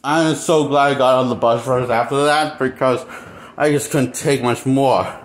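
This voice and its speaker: A man talking alone to camera in an unscripted monologue, halting and bitter, trailing off into pauses and then bursting out. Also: medium pitch, steady tone. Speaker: vlogger.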